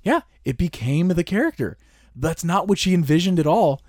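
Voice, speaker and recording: A man's voice: fairly high pitch, lively intonation, normal speed, darkish tone, no room sound, studio quality. A man co-hosting a tabletop gaming podcast, telling stories casually with frequent laughs. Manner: laughing, storytelling. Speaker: podcast co-host. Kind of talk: casual chat.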